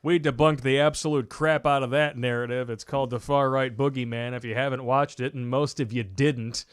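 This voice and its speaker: A man in casual livestream banter, joking and sarcastic, laughing often as he reads viewer messages. His voice sits at an ordinary pitch, recorded dry and close with no room sound. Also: fairly even intonation, brisk, clean tone, dry recording. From Michigan, USA. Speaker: podcast co-host reading super chats.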